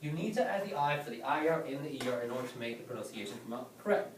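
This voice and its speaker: A man's voice: medium pitch, animated, rapid-fire, recorded from a distance, background noise. A man teaching a class, lecturing and often asking questions and checking with "okay?". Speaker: Spanish teacher. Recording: roomy classroom from afar.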